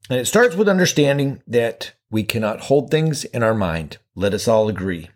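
A man's voice: medium pitch, very animated, moderate pace, few pauses. A man hosting his own podcast, talking casually in a playful, jokey and emphatic way. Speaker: podcast host. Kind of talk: casual solo podcast talk.

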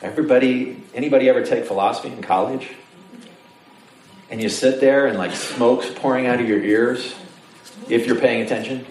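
A man with a mid-range voice speaks at a normal speed, preaching a sermon in a casual, joking style. He's animated and acts out the voices of his listeners. The recording comes from a church sanctuary and sounds roomy, with a distant mic and faint noise.

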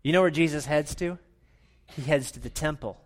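A man preaching a playful, animated sermon in a church, drawing the congregation into a hands-on retelling. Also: on the high side, fairly quick. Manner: animated, playful, with audience participation. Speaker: pastor.

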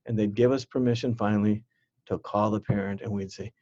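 A man's voice: on the low side, steady tone, brisk, mellow, no echo. A man in an interview, recounting his outreach work earnestly, often repeating words and acting out the voices he quotes. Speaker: interview guest, former youth outreach worker. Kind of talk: candid interview storytelling. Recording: slightly dull, dry sound.

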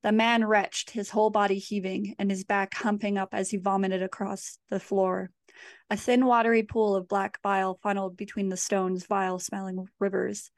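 A woman reads her horror fiction aloud in a measured, steady way. Her voice sits at a middling pitch, and the recording is dry and close, with no room sound. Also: no room sound. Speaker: author. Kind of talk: horror story reading.

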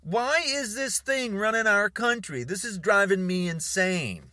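A man's voice: high-pitched, measured pace, hardly any pauses, sharp tone, no room sound, clean studio sound. A man ranting to camera in a heated, exasperated and sarcastic monologue. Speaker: political commentator.

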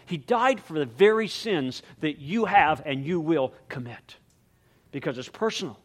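A male preacher delivering a sermon with a high voice that leaps all over its range. He swings from loud, dramatic emphasis to hushed, quiet lines. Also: sing-song, unhurried. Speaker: pastor.

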